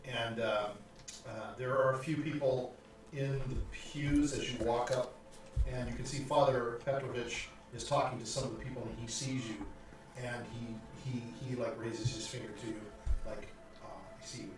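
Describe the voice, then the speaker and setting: A man's voice: medium pitch, steady tone, normal speed, faint music behind. A man narrating a tabletop game as game master, rambling with fillers and restarts. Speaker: dungeon master. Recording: echoey room from far off.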